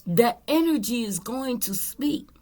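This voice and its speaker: A woman's voice: a little high, expressive, a little slow, a little mellow. A woman tarot reader giving a casual spiritual monologue, blunt and candid, with swearing.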